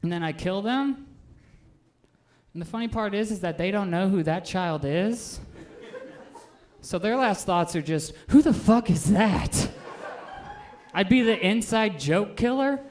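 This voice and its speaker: A young man in his twenties working a stand-up stage, his voice sitting a little above the usual male range. He tells dark material in an offhand, deadpan way and leans on "um" between lines. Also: high-pitched, a little slow, pauses often, slight background noise. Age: 20s. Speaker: stand-up comedian. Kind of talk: stand-up set. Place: live comedy stage.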